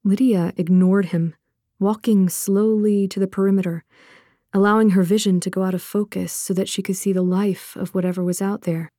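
A woman narrating an audiobook in a measured, expressive manner. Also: mid-range voice, dry recording, studio quality.

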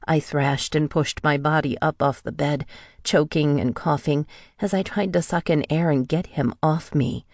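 Low-voiced woman narrating a tense thriller. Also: fairly even intonation, moderate pace, darkish tone, no echo, clean studio sound. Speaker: audiobook narrator. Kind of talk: first-person thriller audiobook narration.

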